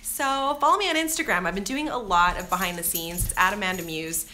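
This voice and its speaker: A woman's voice: medium pitch, a little fast, bright, forceful tone, a little hiss or hum. A Canadian woman in her thirties talking to camera in a casual, scattered vlog chat, laughing easily as she goes. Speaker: vlogger.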